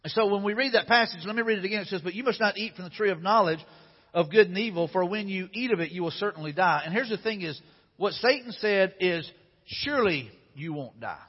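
High-voiced husky male pastor preaching. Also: animated, fairly quick. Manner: conversational, repeats phrases. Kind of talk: sermon. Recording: dull sound with long hall reverb.

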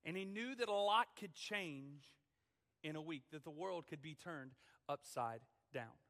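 A man's voice: fairly high pitch, expressive, fairly bright tone, long reverb tail. A man, a student pastor, preaching a dramatic, emphatic sermon in a church. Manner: dramatic, emphatic, drawn-out phrasing.

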